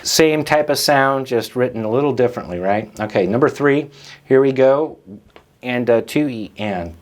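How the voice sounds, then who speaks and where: A man with a medium-pitched voice hosts a drum lesson at a moderate pace. As the teacher, he explains rhythms patiently and counts the beats aloud.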